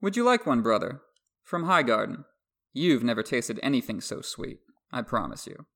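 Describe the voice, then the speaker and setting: A man's voice: mid-range voice, very animated, normal speed, gravelly, fairly bright tone, heavily acted. A podcast host voicing a smug, mocking young nobleman in a dramatic novel reading, airy and boastful.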